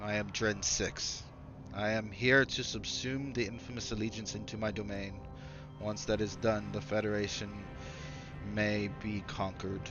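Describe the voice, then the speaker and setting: A man voicing a cold, menacing male clone conqueror with a deep, husky voice and slow, measured threats, in a dull lo-fi recording. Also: level tone, music in the background, lightly acted.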